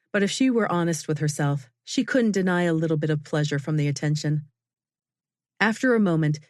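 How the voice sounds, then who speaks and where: A woman narrating a novel in a measured, expressive reading. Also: on the low side, dry recording. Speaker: audiobook narrator. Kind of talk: scripted narration. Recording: dry, close studio sound.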